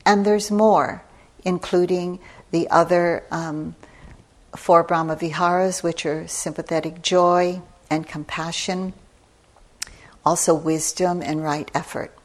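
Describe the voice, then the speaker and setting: An older woman giving a gentle, reflective dharma talk as a meditation teacher at a retreat center. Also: fairly low pitch, steady tone, takes it slowly.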